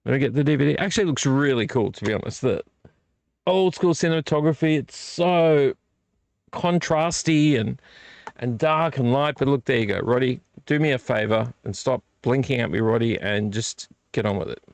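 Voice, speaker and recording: A man's voice: mid-range voice, normal speed, creaky, darkish tone, no room sound. Tired, rambling middle-aged male host. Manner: rambling, self-correcting, chatty with live chat. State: tired, yawning. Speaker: vlog host. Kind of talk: casual live-stream chat. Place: home collection room. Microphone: desk microphone.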